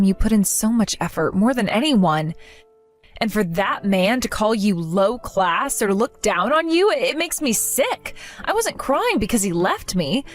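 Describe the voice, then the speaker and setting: A woman playing an emotional jilted bride. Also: a little high. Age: young adult. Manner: emotional, earnest. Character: jilted young bride, hurt but determined.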